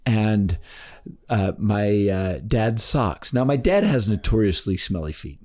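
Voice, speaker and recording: Man, podcast guest, life coach, storytelling, somewhat low voice, very animated pitch. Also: takes it slowly. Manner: animated, acts out quoted voices with big pitch jumps.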